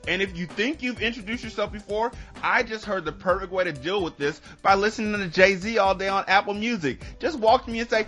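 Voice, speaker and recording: A man hosting a podcast, telling a story in casual chat, animated and swearing, laughing between lines. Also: sits high, fairly quick, few pauses, faint music behind. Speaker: podcast host.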